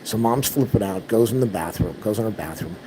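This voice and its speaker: A man's voice: on the low side, lively intonation, brisk, background noise. A man telling an exasperated, repetitive story to his viewers in a casual rant. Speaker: vlogger.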